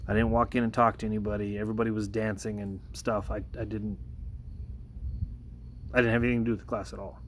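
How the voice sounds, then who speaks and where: A man's voice: little pitch movement, fast, pauses often, a little hiss or hum. A man telling a personal story to a phone camera in a casual vlog, earnest and hesitant, with many restarts. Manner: earnest, hesitant, many restarts, rises in pitch when retelling the confrontation. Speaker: workplace de-escalator.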